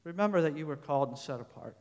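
A man delivers a sermon in a slightly high voice, reading scripture aloud and hammering his points through repetition. His voice swells for emphasis, then drops soft. A long reverb trails each phrase, as in a large hall. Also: lively intonation, racing. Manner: emphatic, rising to loud stresses then dropping soft; repeats phrases, reads scripture verses aloud. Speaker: pastor.

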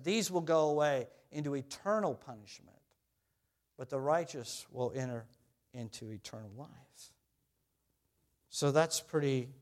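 Earnest man preaching a sermon. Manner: earnest preaching, rising loud on quotes then dropping low. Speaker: pastor.

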